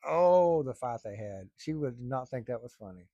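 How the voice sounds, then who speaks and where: A man's voice: medium pitch, moderate pace, dark tone, no echo, lo-fi sound. A middle-aged man telling a long family story in a rambling, folksy way, with casual swearing. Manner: rambling, folksy, salty language.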